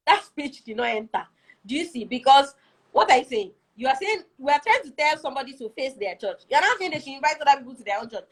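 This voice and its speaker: A young woman speaks high in her range with a soft, husky edge. She talks in an earnest, conversational teaching style. She keeps pausing to ask her listeners whether they follow. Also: low-quality recording. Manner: earnest, keeps asking "do you see?". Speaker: guest speaker on marriage.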